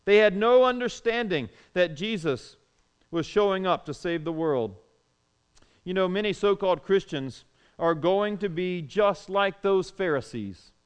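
Pastor preaching, high voice, lively, swings loud to soft. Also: male voice, measured pace, smooth. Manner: animated, rhetorical questions, shifting loud and soft. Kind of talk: sermon.

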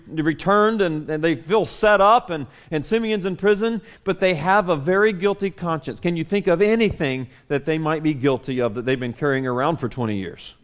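A man preaching a sermon, acting out the people in the story with loud outbursts and then dropping to soft, hushed words. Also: high-pitched. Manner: animated, acts out quotes loudly then drops to soft hushed tones. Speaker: pastor.

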